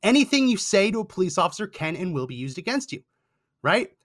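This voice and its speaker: Bright-voiced sarcastic male talk host. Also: high voice, very animated, fast talker. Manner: indignant and sarcastic. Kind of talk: storytelling commentary.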